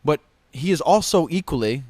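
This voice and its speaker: A man in his thirties co-hosting a livestream, earnest and thoughtful when he explains, excitable in banter. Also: fairly high pitch, moderate pace, dry recording. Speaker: podcast co-host. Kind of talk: casual livestream chat.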